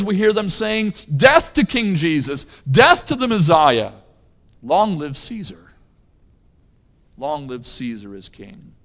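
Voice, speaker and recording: Emphatic preacher in a reverberant church. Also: male voice, medium pitch. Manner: emphatic, repeats key phrases, swings between loud and hushed. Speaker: pastor. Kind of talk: sermon.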